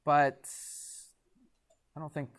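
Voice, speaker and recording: A man teaches a math class, lecturing slowly in a classroom. He's chatty and quizzes the students with frequent questions, and the sound is lo-fi.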